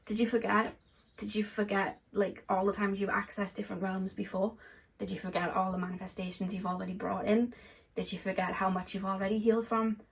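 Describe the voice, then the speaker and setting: Teasing spirit guides, incredulous and exasperated, as a woman puts them on, firing off question after question. The voice sits at a medium pitch and stays playful rather than harsh. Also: level tone, brisk, gravelly, slightly rough, distant mic.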